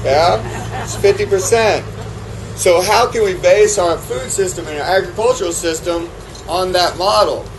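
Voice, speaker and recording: A man with a high voice, a farmer from New England, talks passionately about farming at a conference at a normal speed, regularly hitting the live audience with rhetorical questions. It's a low-quality recording with a little hiss or hum.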